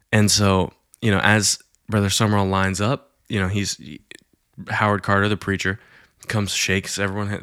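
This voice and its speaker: A man's voice: fairly low pitch, a bit bright, no echo, studio quality. A man casually retelling a Christian miracle story in a conversational way, with fillers and quoted lines acted out.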